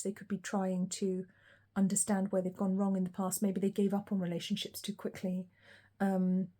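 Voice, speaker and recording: A woman giving a collective tarot reading, talking in a reflective, unhurried way with frequent ums and pauses. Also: mid-range voice, warm tone. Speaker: tarot reader.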